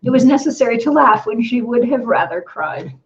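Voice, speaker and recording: A woman co-hosting a casual book discussion, chatty and quick to laugh, now and then reading a passage aloud. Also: a little high, lively intonation, lo-fi sound. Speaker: co-host discussing a novel.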